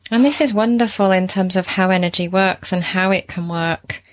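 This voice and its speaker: A woman's voice: mid-range voice, moderate pace. A woman from the UK co-hosting a podcast interview, affirming and enthusiastic toward her guest. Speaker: podcast co-host.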